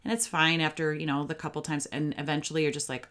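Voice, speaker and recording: Woman, low voice, parenting podcast host, chatty, upbeat, talks to listeners directly. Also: flat delivery, quick pace, a bit bright. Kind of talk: solo podcast advice.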